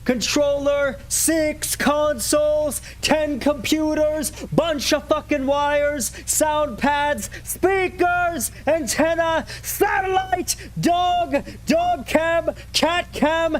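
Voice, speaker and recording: A man doing an impression of a frantic young male streamer, rattling off a list faster and louder until he is yelling. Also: very high-pitched, lively intonation, slight background noise, pitched above the performer's own voice, full character voice. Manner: rising to yelling, fast list delivery.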